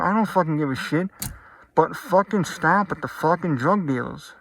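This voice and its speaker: A man's voice: a little high, animated, normal speed, creaky, fairly bright tone. A man vlogging an angry, profane rant, blunt and heated, talking straight to his viewers.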